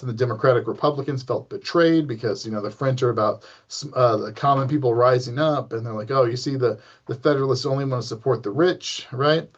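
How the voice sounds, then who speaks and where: A man lectures a college history class in an easygoing, conversational way. He fills pauses with ums and keeps checking in with a quick "right?". The recording sounds dull and lo-fi, and his voice sits at an ordinary middle pitch for a man. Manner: conversational, many ums and tag questions.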